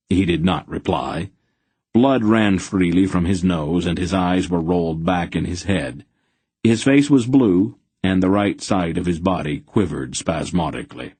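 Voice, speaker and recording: An audiobook narrator reads scripted narration in a low, slow, husky male voice, telling the story in a measured, steady way. No room sound is audible.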